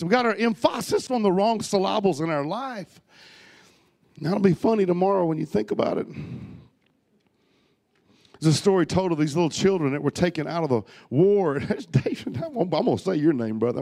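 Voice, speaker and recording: A man preaching a sermon to his congregation, swinging from loud urging to soft, hushed storytelling. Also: high-pitched, vocal fry, no echo. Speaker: pastor. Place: church hall with a congregation.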